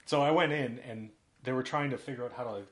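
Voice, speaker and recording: A man's voice: medium pitch, quick pace, crowd noise. A man co-hosting a podcast in casual chat, a laid-back storyteller who fills his talk with "like". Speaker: podcast co-host, graphic designer.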